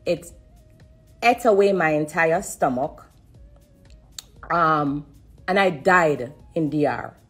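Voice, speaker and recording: A woman with a low, husky voice shares her testimony on a live stream. She speaks earnestly and in repeated phrases, stopping now and then to steady herself against tears. Faint music plays behind her. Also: slow, long pauses. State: holding back tears. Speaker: singer sharing a personal testimony.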